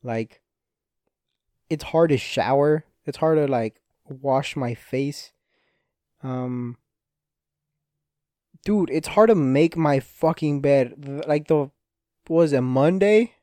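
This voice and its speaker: Speaking slowly with long pauses, a young man hosts a solo podcast in a warm, somewhat high voice over a dry recording. Restless and nursing an injured hand, he rambles casually, swears a lot, and keeps interrupting himself.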